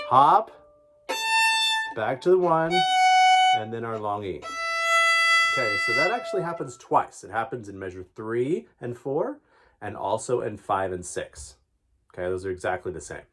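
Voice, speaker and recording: A man teaching a violin lesson, patiently explaining step by step with encouraging asides. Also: fairly low pitch. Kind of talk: music lesson.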